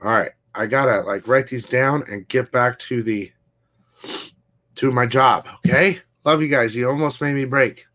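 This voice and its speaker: A man's voice: medium pitch, normal speed. Guy hosting a live stream, swears a lot, hyped up, reads the chat out, normal mid voice. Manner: profane, excitable, reads chat aloud. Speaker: comic shop livestream host.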